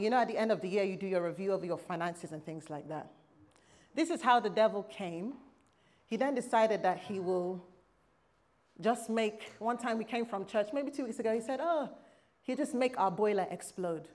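This woman delivers a church testimony like a sermon, her mid-range voice lively in intonation and moving at a moderate pace. She exclaims with emphasis, bursts out loudly, then softens to quiet lines, inviting call-and-response from listeners.

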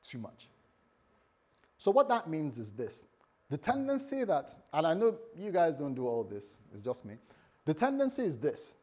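Husky-voiced man preaching a sermon. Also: fairly high pitch, wildly swooping pitch, normal speed, a little mellow. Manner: conversational preaching, with frequent restarts and acted-out inner dialogue. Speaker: pastor.

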